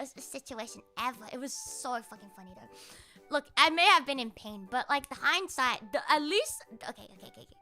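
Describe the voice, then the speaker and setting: A woman livestreamer telling a story in casual chat, animated, swearing a lot and laughing along. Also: a little high.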